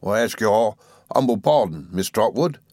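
A man's voice: fairly low pitch, animated, moderate pace, warm tone, dry recording, clean studio sound. A man reading aloud, voicing a meek, fawning male clerk who speaks in humble, ingratiating tones. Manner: humble, ingratiating, sickly polite.

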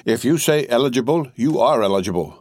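A man's voice: mid-range voice, lively intonation, a little fast, a little mellow, no room sound, clean studio sound, voice pushed up, natural voice. A man doing a fussy, hesitant old bank clerk. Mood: mild. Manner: hesitant, polite, stammering. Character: fussy, mild older male bank clerk.

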